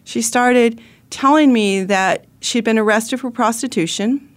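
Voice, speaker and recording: A woman's voice: on the high side, unhurried. A middle-aged woman host telling a personal story in an earnest, heartfelt way, often restarting her sentences.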